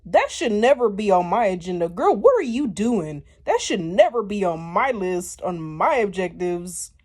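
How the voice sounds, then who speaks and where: A woman in her twenties ranting casually to camera, blunt and profane, jumping between loud outbursts and low asides. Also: very animated, normal speed. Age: 20s. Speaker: vlogger commenting on reality TV.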